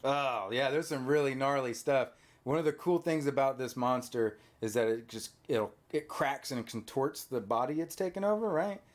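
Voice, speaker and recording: In casual conversation recorded on camera, a man with a medium-pitched voice tells a child the plot of a movie at normal speed. He narrates with animation, prompting the child with questions and tag questions.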